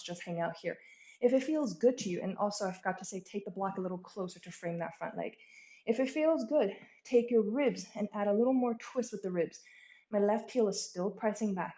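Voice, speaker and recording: A woman's voice: medium pitch, warm tone. Woman yoga instructor, mid-range voice, encouraging cue-by-cue delivery, earbud mic in an echoey room. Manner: encouraging, frequent "okay?" check-ins. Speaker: yoga teacher. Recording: roomy echo.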